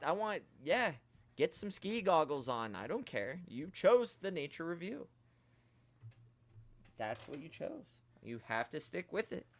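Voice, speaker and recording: Male streamer, higher-pitched, dry close sound, animated joking rants. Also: moderate pace, no room sound. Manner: animated, joking rants, quotes others in mock voices. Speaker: toy collecting channel host. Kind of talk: casual livestream chat.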